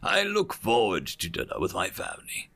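A man voicing a composed alien noble who speaks gently and formally to his mother. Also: low-pitched, huge pitch swings, moderate pace, creaky, full character voice. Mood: patient.

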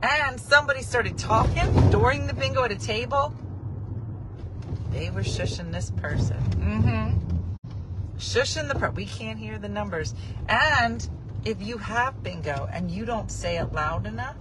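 Woman in her 40s chatting from a moving car, lively storyteller, road noise under her voice. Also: fairly high pitch, a little slow. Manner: animated, quotes people in acted voices. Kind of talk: casual storytelling chat.

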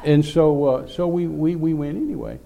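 Folksy older preacher, gravelly. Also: male voice, a little high, fairly even intonation, normal speed, mellow, lo-fi sound, slight background noise. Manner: folksy, rambling, laughing storyteller. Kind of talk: sermon storytelling.

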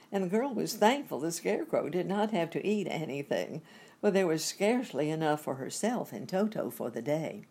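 A woman reading a classic storybook aloud as narrator, slowly and expressively. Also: on the low side, warm tone, breathy edge.

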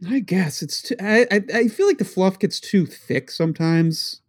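A man's voice: high voice, lively intonation, moderate pace. A man in his thirties from New England, co-hosting a casual chat, rambling and giggling with stammering restarts. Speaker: podcast co-host, father.

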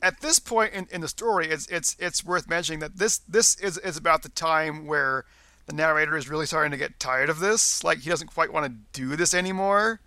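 A man with a bright, somewhat high voice chats casually about a story, often repeating words as he goes. His voice is recorded dry, with no room sound. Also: a little fast, dry recording. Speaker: podcast co-host discussing a story. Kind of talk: casual chat.

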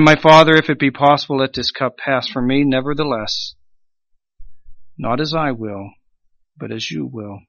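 A man preaching a sermon with emphasis, swelling on key phrases and dropping low at the ends. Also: bright, forceful tone, no room sound, dull audio. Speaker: pastor.

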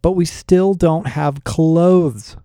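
A man's voice: medium pitch, moderate pace, mellow, no room sound, studio quality, natural voice. A man voicing a blunt, impatient young woman. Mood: frustrated.

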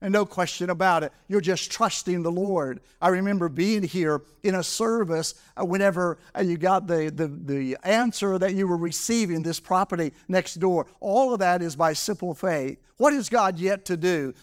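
A man preaching a sermon at a church service, repeating his key words for emphasis and reading scripture slowly. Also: high-pitched. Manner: reads scripture slowly in old English. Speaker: pastor.

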